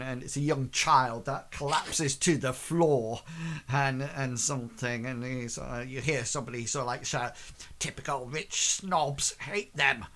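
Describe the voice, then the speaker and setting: Male game master, bright voice, hesitant storyteller. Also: mid-range voice. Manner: hesitant, many fillers, puts on quick voices for townsfolk. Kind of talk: narrating a tabletop game.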